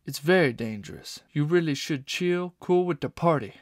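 A man's voice: on the high side, animated, normal speed, no room sound, clean studio sound, lightly acted. A man voicing a jittery male lizard con man who talks in hip slang, from a storybook reading. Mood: nervous. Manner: hip slang, stammers when nervous.

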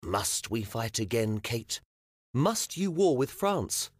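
A man's voice: mid-range voice, very animated, slow, slightly rough, dry recording, studio quality, pitched above the performer's own voice, full character voice. A male audiobook narrator voicing a weary, frustrated medieval king who speaks impatiently. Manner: irritable, scowling, impatient. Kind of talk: audiobook character voice.

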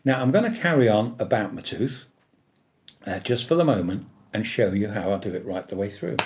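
A man leads a tapping lesson in a lively, swooping voice, his pitch rising and falling a great deal. He speaks emphatically, leans hard on the phrases he repeats, and keeps pausing to check that his listeners are following. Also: slight background noise. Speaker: tapping therapy teacher. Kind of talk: instructional demonstration.

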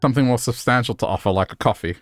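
A man's voice: mid-range voice, racing, dry recording, clean studio sound, soft background music, lightly acted. A man voicing a sarcastic, hard-to-please woman neighbor in a video game, snippy and dismissive.

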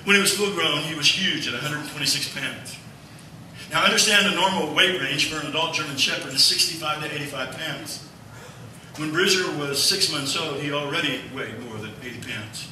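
A male pastor preaching a sermon, telling a family story in a folksy, animated way. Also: a little high, normal speed, a little hiss or hum. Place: church sanctuary. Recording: echoey church hall from far off.

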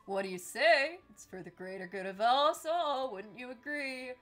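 A woman voicing a smooth-talking young female traveling merchant in a game, with a coy, teasing manner. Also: high-pitched, lively intonation, moderate pace, fairly bright tone, soft background music, pitched above the performer's own voice.

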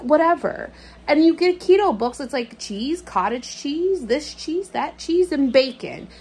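Lady vlogging in her kitchen, cussing a lot, kinda high voice, faint hum behind. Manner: blunt, swears freely, filler-heavy. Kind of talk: casual rant while cooking. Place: home kitchen.

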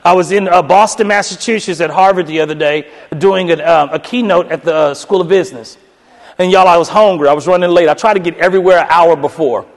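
Guy from doing a lively keynote, does voices for the quotes, long echo like a big hall. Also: sits high, fast. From South Louisiana. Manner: animated, acts out voices in quoted dialogue, casual Southern phrasing. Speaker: keynote speaker, professor. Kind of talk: energetic storytelling keynote. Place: lecture hall.

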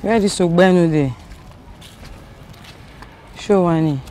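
A man's voice: high-pitched, slow pace, dark tone, slight background noise. An actor with a Nigerian Pidgin accent playing a man who bickers in street banter with a friend. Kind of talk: film drama acting.

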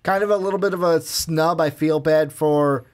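A man's voice: a little high, steady tone, normal speed, a little mellow. Rambling man co-hosting a film chat. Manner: rambling, full of "like", acts out quoted lines. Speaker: movie review podcast co-host. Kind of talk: casual chat.

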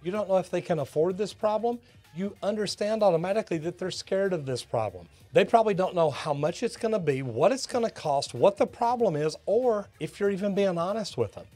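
A man, a plumbing educator, giving an energetic, emphatic business lesson to tradespeople and acting out talks with customers. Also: sits high, brisk, faint music behind.

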